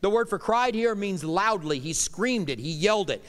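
A middle-aged male pastor preaching a sermon in earnest, swinging from loud declarations to hushed lines. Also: high voice, animated, moderate pace, hardly any pauses. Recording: long hall reverb.

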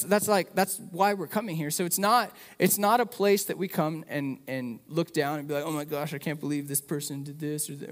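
A man's voice: sits high, big-room sound. A man preaching a sermon and leading a prayer, speaking with passion and often repeating words as he builds up emphasis. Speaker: pastor. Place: church.

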